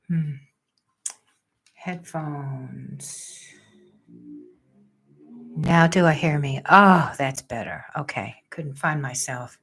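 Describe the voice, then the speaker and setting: A woman's voice: deep voice, a bit bright, slight background noise. An older woman astrologer chatting casually on a livestream, thinking aloud and joking about her trouble with the technology.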